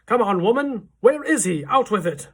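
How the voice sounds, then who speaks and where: A woman voicing a blustering, angry middle-aged English father who shouts and stammers. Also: sing-song, moderate pace, husky. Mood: outraged. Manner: shouting, stammering, high-pitched outbursts.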